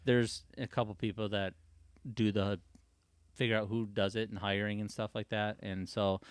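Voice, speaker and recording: Low-voiced man telling a lively story. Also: normal speed, smooth, no room sound, clean studio sound. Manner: animated storyteller acting out quoted voices. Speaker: podcast guest, motocross race official. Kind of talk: casual storytelling conversation.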